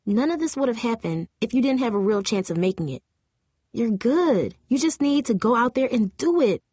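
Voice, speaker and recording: A woman's voice: fairly high pitch, sing-song, normal speed, warm tone, breathy edge, no echo, studio quality, voice pushed up. A woman reading an audiobook, voicing a loyal, plain-spoken teenage girl who talks in earnest, casual slang. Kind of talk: audiobook character voice.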